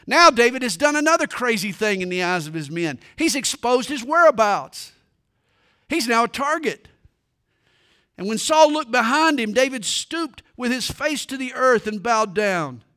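High-voiced, bright dramatic male preacher. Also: lively intonation, normal speed. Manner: dramatic, emphatic storytelling. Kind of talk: sermon.

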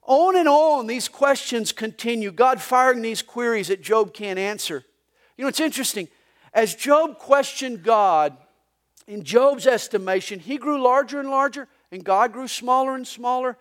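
A man with a Southern US accent delivers a live sermon in a church service. His voice sits high for a man. He swings from loud, lively declarations to quiet, hushed asides. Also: normal speed. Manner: animated preaching, voices for God and Job, rising and dropping to a hush. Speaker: pastor.

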